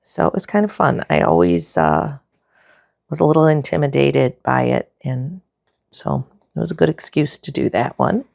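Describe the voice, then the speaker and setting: Woman, low and raspy-gravelly, easygoing rambling sketchbook tour, dry close sound. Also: normal speed, no echo. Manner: relaxed and chatty, with frequent fillers and self-corrections. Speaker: art vlogger.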